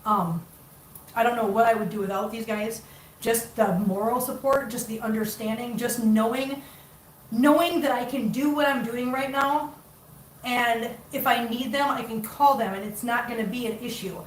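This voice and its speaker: A woman's voice: a little high, steady tone, moderate pace, roomy sound, far from the mic, a little hiss or hum, poor audio. A chatty middle-aged woman rambling casually to her livestream viewers while cooking in her home kitchen. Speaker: cat rescue vlogger.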